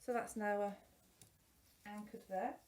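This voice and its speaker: A woman with a medium-pitched, darkish voice speaks at a measured pace with fairly even intonation. She's a singing teacher doing a casual product review through a face mask, a little muffled, self-deprecating and prone to restarts.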